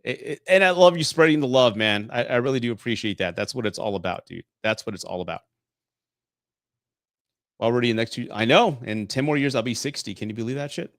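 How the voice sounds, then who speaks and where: A man's voice: mid-range voice, quick pace, no room sound. Texas guy late 40s chatting on a live stream, cusses a lot, laughs a lot, super dry sound. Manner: casual, swears freely, laughs often. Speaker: host.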